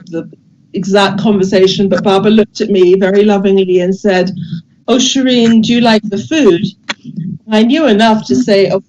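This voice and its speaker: An older woman who grew up in England, gently recounting memories in a casual, hesitant way with many restarts, over a video call. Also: mid-range voice, dull audio, slight background noise. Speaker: guest speaker sharing memories.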